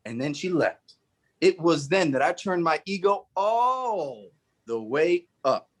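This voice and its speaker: A man with a somewhat high, husky voice tells a story on stage. He swings his pitch widely and plays it theatrically for a speaking-club audience. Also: sing-song, takes it slowly. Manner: theatrical, acts out the other people in the story. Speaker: Toastmasters speaker. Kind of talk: dramatic storytelling speech.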